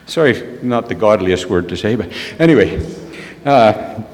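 A man preaching, telling a personal story in an animated way and laughing at himself. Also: fairly low pitch, unhurried. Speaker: preacher sharing a testimony. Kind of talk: storytelling sermon. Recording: long reverb of a large hall.

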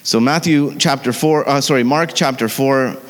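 A man of middle pitch gives a casual sermon, often pausing on fillers and correcting himself as he goes. His voice carries a long reverb tail from a church hall. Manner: conversational, with fillers and self-corrections. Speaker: preacher.

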